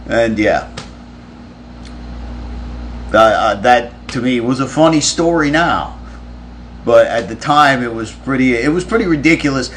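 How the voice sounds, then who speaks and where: A man's voice: mid-range voice, animated, unhurried, long pauses, fairly bright tone, a little hiss or hum. Rambling, profane man telling a story. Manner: rambling, profane, with frequent restarts. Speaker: musician answering fan questions on a live stream. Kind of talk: casual storytelling.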